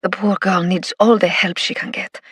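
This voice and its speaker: A quick-tempered Chilean woman, voiced by a female narrator, speaks with a heavy Spanish accent and a slightly husky tone. Her lines are clipped and formal, and the voice sounds low and set back in an audiobook reading. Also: flat delivery, a bit bright, no room sound, clean studio sound. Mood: brusque, formal. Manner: abrupt, apologetic.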